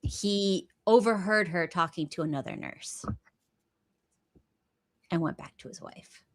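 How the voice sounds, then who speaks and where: A woman co-hosting a podcast, telling a story in a casual, gossipy, animated way and talking back sharply. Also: fairly low pitch, measured pace. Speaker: podcast co-host.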